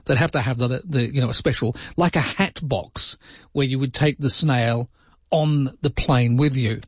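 Male radio host, casual chatter, husky voice, dry close sound, muffled lo-fi audio. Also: moderate pace, no echo. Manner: chatty, wondering aloud, lively pitch jumps on asides.

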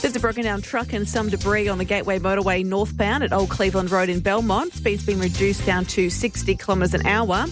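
A woman with an Australian accent reading a radio traffic report, brisk and matter-of-fact. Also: medium pitch, steady tone. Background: music bed.

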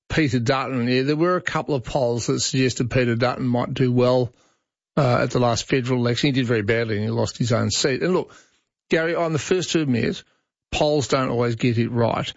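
A man with an Australian accent hosting talkback radio, brisk and opinionated, cutting in on callers. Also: mid-range voice, no echo, highs cut off. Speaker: radio host.

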